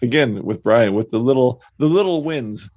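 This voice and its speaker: A man's voice: mid-range voice, animated, moderate pace, a little mellow, dry recording. A man co-hosting a podcast about woodcarving, giving easygoing, laid-back advice in casual chat.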